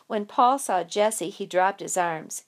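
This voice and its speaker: A woman narrating an audiobook in a lively, expressive storytelling way. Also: medium pitch, measured pace.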